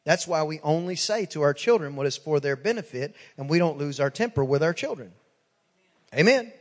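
A man's voice: fairly high pitch, lively intonation, a little fast. Emphatic male pastor in an echoing hall. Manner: emphatic and repetitive, retelling dialogue with many "I said". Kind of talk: sermon. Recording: echoey church hall.

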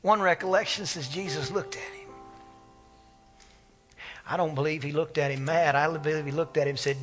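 A man's voice: a little high, fairly even intonation, normal speed, long pauses, soft background music. A man, a pastor preaching an impassioned, conversational sermon. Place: church sanctuary.

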